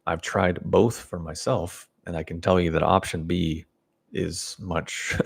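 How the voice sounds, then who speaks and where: A man's voice: deep voice, vocal fry. A man talking as a self-development teacher in a casual monologue, blunt and opinionated, rambling with restarts and short chuckles.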